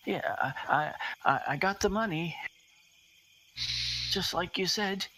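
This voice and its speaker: A man's voice: high-pitched, noisy background, voice pushed up. A man putting on a jittery muffled voice behind a door. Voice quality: muffled, hurried.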